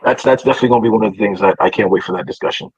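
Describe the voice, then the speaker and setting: A man joining a casual podcast as a panelist, hesitant and thoughtful, with plenty of pauses and ums. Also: fairly low pitch, breathy edge, highs cut off.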